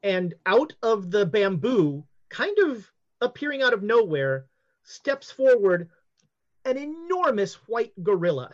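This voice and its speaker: A game master narrating a tabletop game scene, halting with many fillers and restarts. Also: mid-range voice, big pitch swings, lo-fi sound.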